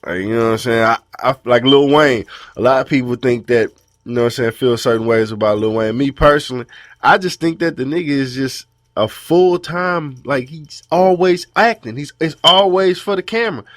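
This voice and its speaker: A man's voice: medium pitch, moderate pace, no echo, clean studio sound. A man co-hosting a radio talk show, ranting in casual chat with lots of swearing. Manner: animated, swears a lot, rants.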